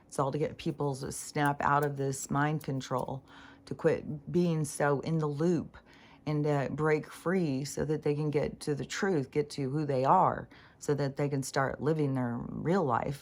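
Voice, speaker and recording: A woman in her sixties talking in a rambling, frank monologue full of fillers and restarts. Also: low voice. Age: 60s. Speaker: spiritual channeler. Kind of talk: casual monologue.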